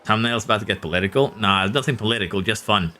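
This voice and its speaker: A man from Norway chats casually with his live-stream audience while playing, reading chat aloud and chuckling often. His voice is slightly low yet bright and forceful, his tone easygoing, and he talks fast over slight background noise.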